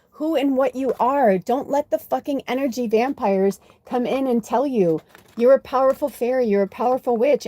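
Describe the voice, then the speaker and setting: A woman's voice: on the high side, warm tone, dry recording. Sweary, fired-up American woman host. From United States. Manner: blunt, heavy swearing, impassioned ranting. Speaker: spiritual channel host. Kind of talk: casual livestream monologue.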